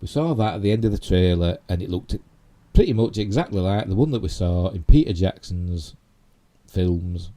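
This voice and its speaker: A man's voice: low voice, animated, moderate pace, dark tone. A man with a Yorkshire accent hosting a casual live stream, rambling through geek news with lots of "you know" and tag questions. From Yorkshire, England.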